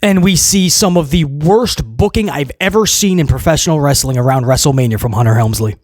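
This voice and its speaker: A man talks through a wrestling show in a casual spoken review, blunt and emphatic, stacking up repeated phrases. His voice sits fairly high for a man. The sound is dry and close, with no room behind it. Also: fairly quick, darkish tone, dry recording.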